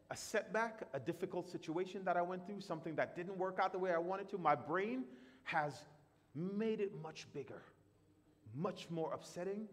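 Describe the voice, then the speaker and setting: A man preaching a sermon in a church, animated, surging loud for emphasis and then dropping quiet and slow. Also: fairly high pitch. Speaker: pastor. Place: church sanctuary. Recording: long reverb of a church hall.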